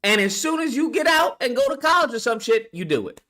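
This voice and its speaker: A man's voice: very high-pitched, sing-song, a little fast, pushed and bright. A man vlogger ranting bluntly and profanely in a commentary video, full of rhetorical questions.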